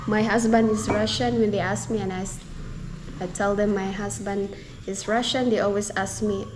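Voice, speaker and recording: A woman's voice: mid-range voice, a little mellow, slight background noise. A woman chatting casually to her viewers in a family vlog, laughing often between phrases. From Philippines. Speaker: family vlogger. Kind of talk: casual vlog chat to camera.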